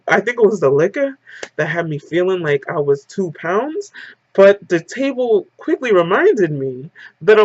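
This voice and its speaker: A woman's voice: fairly low pitch, a bit bright, dry recording, highs cut off. A woman vlogger telling a casual story-time monologue, rambling and dramatic, with "like" in nearly every phrase. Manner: dramatic retelling.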